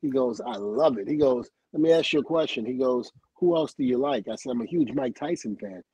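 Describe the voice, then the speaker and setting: A man's voice: medium pitch, brisk, slightly rough, no room sound, rough recording. A middle-aged man telling stories from his career as a livestream guest, acting out what others said and laughing often. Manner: lively storyteller who acts out quoted dialogue, laughs often, swears.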